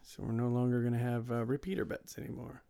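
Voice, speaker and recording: A man co-hosting a podcast in casual chat, agreeable and quick to say right. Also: medium pitch, level tone, gravelly, warm tone, no room sound. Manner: agreeable, keeps saying right. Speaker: podcast co-host.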